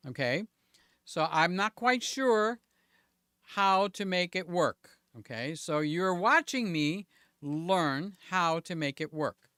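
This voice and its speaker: A man's voice: fairly high pitch, pushed and bright, smooth, no room sound, studio quality. Chatty man hosting a livestream. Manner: chatty, keeps checking in with viewers; self-deprecating, thinks aloud. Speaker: livestream host. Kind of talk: casual live-stream chat. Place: home studio with several cameras.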